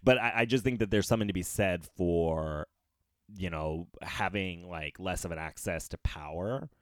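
A man's voice: sits low, moderate pace, no room sound, clean studio sound. A young man hosting a casual podcast, rambling with frequent fillers and restarts and chuckling often. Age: young adult. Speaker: podcast host.

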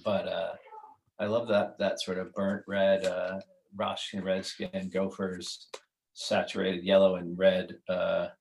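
A man with a deep, low voice talks through a podcast interview as the guest creator. He rambles, circles back and restarts his sentences, and laughs easily. A faint hiss and clicks sit under the call. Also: completely flat delivery, unhurried, creaky, a little mellow, rough recording.

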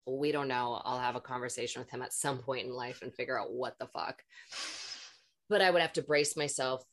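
A woman with a notably low, deep voice speaks as a podcast guest. She tells a spiritual healing story candidly and at length, rambling and cursing without restraint. She sounds like an energy healer talking openly about her own experience. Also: brisk, fairly bright tone. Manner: frank, swears freely, rambling.

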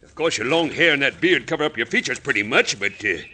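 An actor in an old radio playing a stammering, nervous con man who works as a medicine show pitchman, with a twang. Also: expressive, bright, forceful tone, slight background noise. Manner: stammering, nervous, fast-talking. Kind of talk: 1950s radio drama acting.

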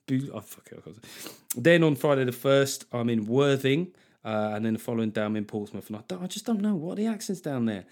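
A man hosting a solo podcast, ranting in an animated, sarcastic way and swearing freely. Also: mid-range voice, moderate pace. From Manchester, England. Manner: animated ranting, swears freely, mocking put-on voices of critics. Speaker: podcast host and comedian.

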